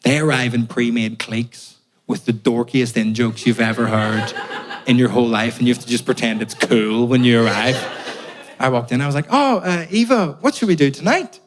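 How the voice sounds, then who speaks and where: A man from Belfast with a Belfast accent does a live stand-up set. His delivery is exasperated and full of swearing, pitched in a middling register. The live recording carries clear background noise. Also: level tone, normal speed. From Belfast, Northern Ireland. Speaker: stand-up comedian. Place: comedy club stage.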